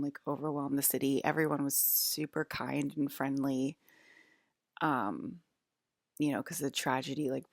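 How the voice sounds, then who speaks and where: Deep-voiced woman, rambling casual vlog talk, dry close sound. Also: gravelly, no echo. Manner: meandering, many fillers and restarts. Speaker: vlogger.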